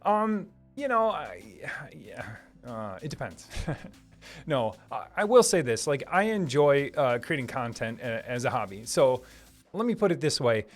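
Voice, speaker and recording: A man's voice: mid-range voice, expressive, moderate pace. A man with a Minnesota accent chats casually on a live stream. He is upbeat and often restarts his sentences. Faint music plays underneath. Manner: enthusiastic, lots of fillers and restarts. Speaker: streamer host answering chat; software engineer.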